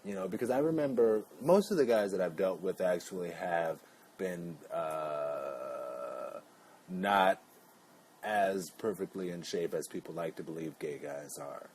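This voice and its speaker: A man's voice: sits low, measured pace, a little mellow, slight background noise. A man vlogging in a casual, rambling way, full of playful asides. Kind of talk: casual chat.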